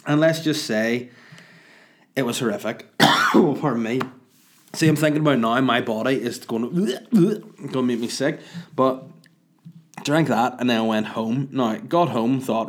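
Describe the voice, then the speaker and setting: A man in his thirties with a Northern Irish accent, hungover, telling crude, rambling, animated comic stories. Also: mid-range voice, normal speed. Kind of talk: casual comic storytelling.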